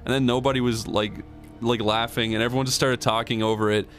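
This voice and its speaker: A young man telling crude stories during casual gaming chat, quoting people in animated voices. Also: mid-range voice, fast, soft background music. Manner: profane storytelling, animated quoting. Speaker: let's play host. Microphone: desk mic.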